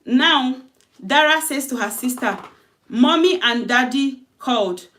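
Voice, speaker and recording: A woman's voice: sits high, animated, measured pace, fairly bright tone. A woman reading her own short story aloud in a loose, conversational way, correcting herself as she goes and voicing the characters' lines. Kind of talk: informal story narration with voiced dialogue.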